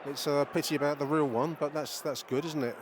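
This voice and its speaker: A man's voice: fairly high pitch, steady tone, fairly quick. A middle-aged man, a podcast host recording casual, opinionated match commentary from the stands, swearing and talking straight to his listeners. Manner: chatty, opinionated, swears, addresses listeners directly. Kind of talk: casual in-stadium football commentary. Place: football stadium stands, outdoors. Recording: noisy crowd stadium recording.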